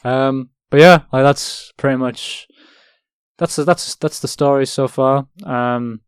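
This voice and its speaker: Young english guy, smooth clear voice, dry sound, gets loud and laughy doing impressions. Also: medium pitch, takes it slowly, dry recording. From England. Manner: animated, acts out quotes loudly with laughter. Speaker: actor guest. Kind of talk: casual storytelling chat.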